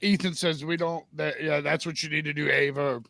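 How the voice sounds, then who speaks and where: A man's voice: on the high side, fairly even intonation, brisk, gravelly, pushed and bright, no room sound. A man co-hosting a wrestling podcast, recapping the action in a loose, casual way with some swearing. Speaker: podcast co-host. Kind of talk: casual chat.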